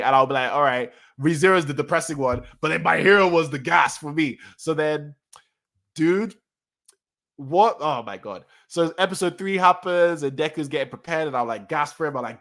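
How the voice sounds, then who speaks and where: Excitable rambling man. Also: fairly high pitch, moderate pace. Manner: rambling, excitable, self-correcting. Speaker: manga reaction streamer. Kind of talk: casual live-stream talk.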